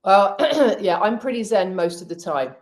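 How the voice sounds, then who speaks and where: A woman's voice: mid-range voice, lively intonation, a little slow. A middle-aged woman, a hypnotherapist and healer, chatting candidly on a live stream and giving practical tips. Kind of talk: casual live-stream chat.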